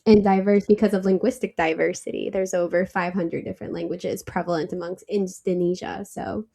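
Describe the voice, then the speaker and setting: A woman being interviewed as a travel company founder, chatty and animated, laughing easily as she tells stories. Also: fairly low pitch, a little fast, creaky. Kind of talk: casual interview.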